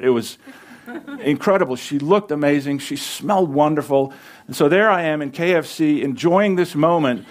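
Earnest man preaching a story. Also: medium pitch. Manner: earnest, conversational, drops soft and quiet at key moments. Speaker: pastor. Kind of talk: sermon storytelling.

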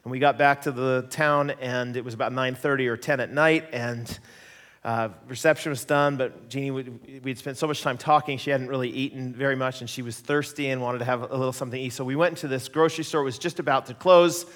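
A middle-aged man preaching, telling personal stories in an animated way, laughing and acting out the voices he quotes. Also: mid-range voice, a little fast. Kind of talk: sermon storytelling. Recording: long hall reverb.

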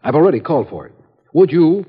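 An actor playing a confident hospital doctor in a 1950s radio drama, speaking in a clinical, authoritative way. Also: male voice, on the high side, very animated, fast, husky, heavily acted. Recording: dull lo-fi 1950s radio broadcast.

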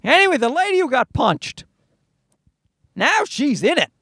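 A man's voice: very high-pitched, measured pace, no room sound, studio quality. A man telling a story as a rambling, profane rant into a microphone in his car in a parking garage. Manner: profane, animated, self-interrupting.

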